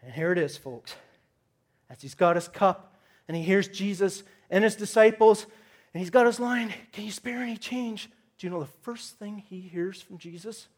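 A male pastor preaching a sermon in an animated, conversational storytelling way, with touches of humor. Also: high-pitched, moderate pace.

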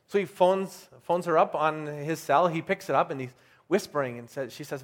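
A man preaching a sermon as pastor, telling stories in a conversational way and slowing down to stress key words. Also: a little high, animated. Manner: conversational with filler restarts.

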